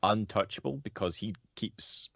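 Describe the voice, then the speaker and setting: A man's voice: fairly low pitch, normal speed, vocal fry, fairly bright tone, dry recording. A young man co-hosting a podcast, chatting loosely about a film, rambling and swearing freely as he acts out lines. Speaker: podcast co-host. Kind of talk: casual film discussion.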